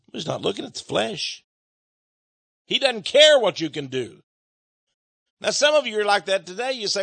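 High-pitched guy preaching hard, lots of rhetorical questions, dry mic. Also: big pitch swings, normal speed, creaky, long pauses, fairly bright tone, no echo. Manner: emphatic, rhetorical questions, acts out quotes. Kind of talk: sermon.

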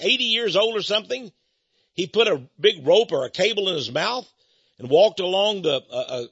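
A man's voice: high-pitched, sharp tone, husky, dry recording, muffled recording. A middle-aged man hosting a rambling talk-radio monologue in a folksy, confiding way, chuckling between points.

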